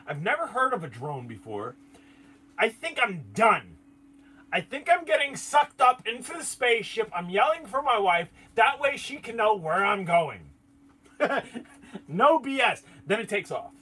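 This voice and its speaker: An excitable man hosts a casual live stream and talks straight to his viewers. His voice sits a bit high, leaps all over the place, and has a bright, edgy ring. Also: husky. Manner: excitable, animated, chats with viewers. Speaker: channel host.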